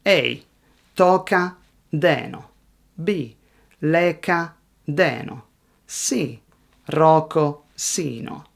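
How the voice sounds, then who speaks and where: Slow, gravelly-voiced man reading a quiz. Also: fairly high pitch. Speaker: Italian language teacher. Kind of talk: scripted quiz narration.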